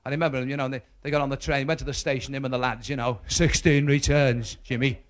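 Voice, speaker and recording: A man with a Liverpool accent doing a stand-up comedy routine for a live audience, stammering through restarts and shouting his punchlines. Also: mid-range voice, fairly even intonation, racing, clean tone.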